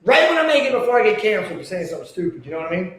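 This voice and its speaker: A hoarse man calling plays as an excited fan on a livestream, often yelling hype and rambling between plays, at home indoors. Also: high-pitched, racing. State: hoarse, losing his voice. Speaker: livestream host. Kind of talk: excited fan play-by-play commentary. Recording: very echoey room.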